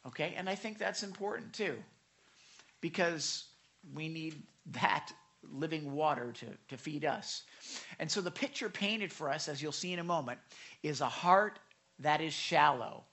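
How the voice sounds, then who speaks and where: A pastor preaching a conversational, animated sermon with frequent asides and self-corrections. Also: medium pitch, measured pace.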